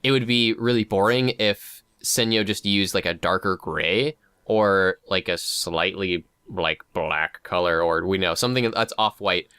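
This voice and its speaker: A man's voice: low-pitched, a little slow, bright, forceful tone, clear, resonant tone, no echo, studio quality. A man co-hosting a casual podcast, rambling through his thoughts with many fillers. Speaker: podcast co-host discussing fan art. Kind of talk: casual chat.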